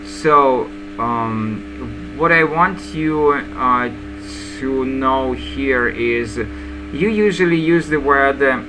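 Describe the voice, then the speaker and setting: A man's voice: medium pitch, extremely slow. A man teaching English, patiently explaining vocabulary to his students with frequent fillers. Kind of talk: online lesson explaining vocabulary. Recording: mains hum and background noise.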